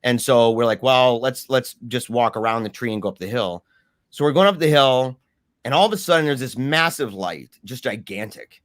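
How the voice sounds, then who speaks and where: Man, show guest, casual storytelling, animated, restarts and fillers, mid-pitched, dry close sound. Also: normal speed, no room sound.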